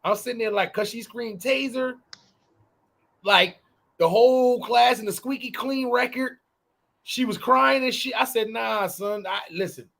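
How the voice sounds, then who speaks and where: A podcast co-host talking in a high voice, loose and profane. He tells stories in casual chat and sometimes bursts into loud, shouted impressions. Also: moderate pace, creaky.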